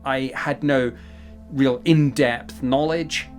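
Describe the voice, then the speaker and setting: A man recalling his past in an interview, measured and matter-of-fact. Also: mid-range voice, fairly even intonation, soft background music. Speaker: former defence official interviewee. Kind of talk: interview recollection.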